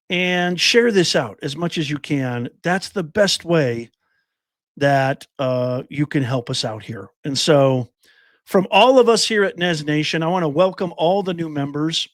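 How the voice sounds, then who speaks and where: A man's voice: high voice, no echo. An older man hosting a livestream, thanking viewers by name in an earnest, emotional way and getting choked up. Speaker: livestream host. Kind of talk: casual livestream sign-off.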